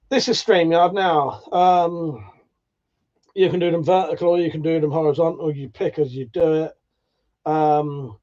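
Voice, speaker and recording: A man's voice: fairly high pitch, a little mellow. A man hosting a casual livestream, chatting and reading out viewer comments in a tired, swearing, easygoing manner. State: tired, yawning. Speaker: livestream host. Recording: dull lo-fi stream audio.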